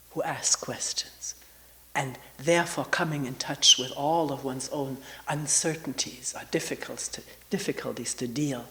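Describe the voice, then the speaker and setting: An older woman, in her sixties, gives a reflective spiritual talk as a retreat teacher. Her delivery is unhurried, with long pauses between phrases. She often lets her voice fall to a soft half-whisper. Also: a bass voice, low-quality recording.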